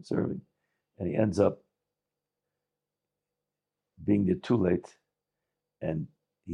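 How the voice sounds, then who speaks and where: A man telling a Hasidic story with a moral, halting often to restart, with Yiddish words mixed in. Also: on the low side, gravelly, a little mellow, slightly rough. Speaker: storyteller and preacher.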